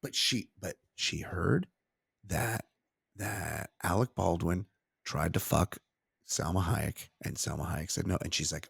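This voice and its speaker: A man co-hosting a crude comedy sports podcast, animated and breaking into silly voices. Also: low voice, moderate pace, vocal fry, husky, dry recording, studio quality. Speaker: podcast co-host.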